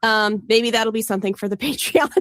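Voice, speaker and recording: A woman's voice: a little high, brisk, a bit bright, no echo, clean studio sound. A Canadian woman from the Toronto area, co-hosting a podcast in casual chat, talkative and laughing often as she wanders off on tangents. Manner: chatty, laughs often, digressive. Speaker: podcast co-host.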